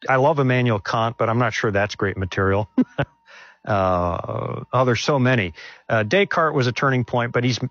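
Husky-voiced man sharing his testimony. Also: mid-range voice, moderate pace, a bit bright, no echo, lo-fi sound. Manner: earnest, conversational, with restarts. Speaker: guest speaker. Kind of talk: testimony in an onstage Q&A.

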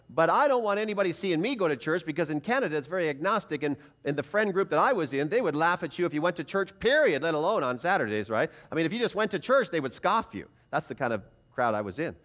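A middle-aged man preaching at a prophecy seminar, telling his conversion story in an animated way and acting out his past thoughts. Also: a little high. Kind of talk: personal testimony sermon.

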